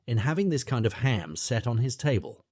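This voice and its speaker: A man's voice: mid-range voice, expressive, moderate pace, a little mellow, no echo, studio quality. A man doing a pompous, sonorous auctioneer. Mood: self-satisfied. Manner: grandiloquent, fond of long words. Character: pompous sonorous middle-aged male auctioneer. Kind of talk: audiobook character reading.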